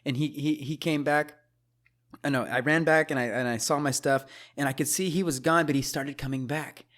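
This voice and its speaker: A man hosts a relaxed gaming podcast, telling stories with lots of energy, casual swearing and frequent laughter. His voice sits a bit higher than most men's. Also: normal speed. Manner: animated storytelling, swears, laughs a lot. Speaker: podcast host.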